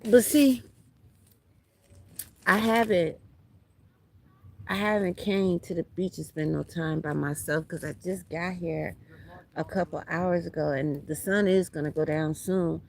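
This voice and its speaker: A woman's voice: fairly low pitch, fairly even intonation, a little slow, vocal fry, pauses often. A woman, doing a casual livestream tarot reading outdoors at a beach, talking bluntly and profanely to her viewers. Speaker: tarot reader.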